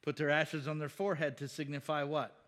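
A man's voice: fairly high pitch, level tone, brisk, a bit bright. A man, a pastor, teaching the Bible in a casual, conversational way, asking rhetorical questions and chuckling.

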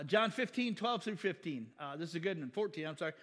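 A man preaching a sermon in an animated, chatty way, laughing often and voicing quoted people. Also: a little high, fast talker, few pauses, big-room sound.

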